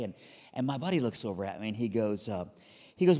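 A middle-aged man from Iran preaching, telling a story with lively, acted-out dialogue. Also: on the low side, fast talker. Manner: animated storyteller acting out dialogue with big vocal jumps. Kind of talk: storytelling sermon. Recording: long hall reverb.

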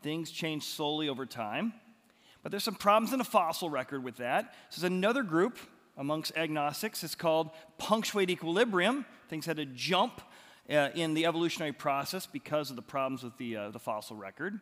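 A pastor preaches a sermon, telling stories in a conversational way and lifting his voice for emphasis. His voice sits a bit high for a man. The sound rings with a long reverb, as if it were recorded in a church sanctuary. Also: lively intonation, a little fast, a bit bright.

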